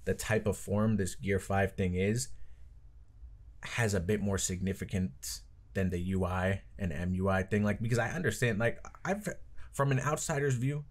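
A man's voice: lowish voice, a little mellow. A man hosting an anime reaction video, talking casually in a rambling, profane way, heavy on "like" and "I don't know.". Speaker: anime reaction channel host.

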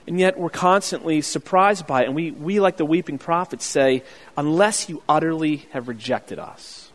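A man preaching a sermon as pastor, telling a childhood story with acted-out voices and loud excited bursts. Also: a little high, big-room sound. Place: church sanctuary.

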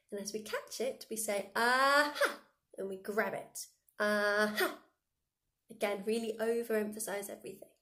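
A woman music teacher leading children through a silly vocal warm-up, demonstrating buzzing, lip rolls and odd noises as she explains each step. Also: on the high side. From England. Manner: playful, demonstrates silly noises and sound effects.

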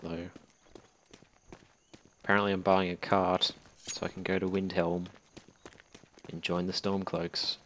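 A young Australian man joking and swearing through casual gameplay commentary, with sudden loud outbursts. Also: low-pitched, little pitch movement, a little slow, pauses often. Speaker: gaming channel host. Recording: loud game gunfire and noise behind.

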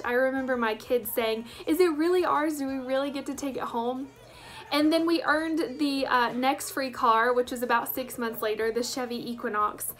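A woman's voice: on the high side, fairly bright tone. A woman, telling her story as a sales director with enthusiastic emphasis. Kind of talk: personal testimonial.

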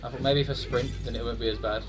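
A young man commentating on his own horror-game playthrough, muttering and swearing, then bursting into loud shouts. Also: medium pitch, fairly even intonation, fast talker, background noise. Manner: swears a lot, swings from muttering to loud outbursts. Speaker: gaming streamer. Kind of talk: let's play commentary.

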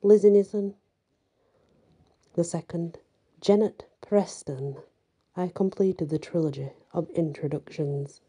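A woman reading a story aloud as a storyteller, with soft narration that drops to a whisper at times. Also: deep voice, unhurried, slightly rough.

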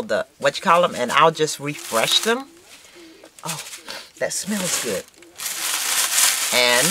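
A woman with a low voice gushes her way through a craft vlog, exclaiming over everything she unboxes. She talks at an unhurried pace, and the recording carries steady background noise with paper crinkling. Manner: gushing, exclamatory, emotional and grateful. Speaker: crafting vlogger. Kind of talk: casual chat while unboxing mail.

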